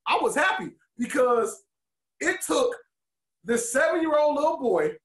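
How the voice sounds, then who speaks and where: High-voiced man telling animated stories. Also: unhurried, roomy sound. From Detroit, USA. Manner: animated, emotional storyteller. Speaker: podcast co-host and former pro wrestler. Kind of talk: candid storytelling interview.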